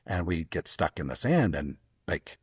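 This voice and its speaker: A man hosting a travel podcast who asks questions and tells his own stories, with thoughtful pauses and restarts. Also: rumbling low, very animated, slightly rough, no room sound, clean studio sound. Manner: thoughtful, hesitant restarts, storytelling. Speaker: podcast host. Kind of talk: casual interview.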